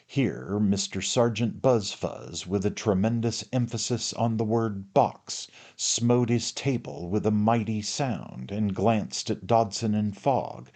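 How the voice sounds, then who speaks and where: A man narrating a classic novel in a measured, formal reading. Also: fairly low pitch, a little mellow. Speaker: audiobook narrator.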